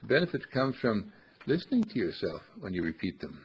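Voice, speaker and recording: In a dull lo-fi recording, a man with a gravelly, husky voice teaches spirituality to a small group. He speaks slowly and emphatically, repeating phrases like a chant, his fairly low voice swinging widely in pitch.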